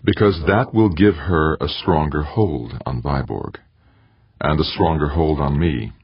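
A man's voice: very deep voice, measured pace, slightly rough, no echo, exaggerated voice. A man reading the part of a scheming, anxious ex-convict leader in an audiobook. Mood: brooding. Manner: anxious, brooding inner voice. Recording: dry, dull lo-fi audiobook recording.

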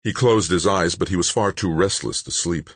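A man narrating an audiobook in a steady, measured way. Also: low voice, dry recording.

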